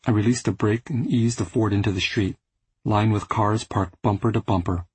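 A man narrates first-person literary fiction for an audiobook in a low, very husky voice, measured and restrained with a steady tone. The recording is rough, dry and close, with no echo.

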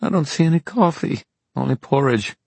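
A man's voice: medium pitch, fairly quick, a little mellow, breathy edge, pitched above the performer's own voice. A man voicing a tired, wry young woman warrior in an audiobook. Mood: grumbling.

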